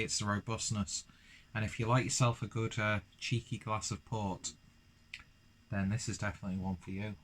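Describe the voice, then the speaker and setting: Rambling man reviewing beer. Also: fairly low pitch. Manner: rambling, self-deprecating, chatty with fillers. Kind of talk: casual beer review vlog.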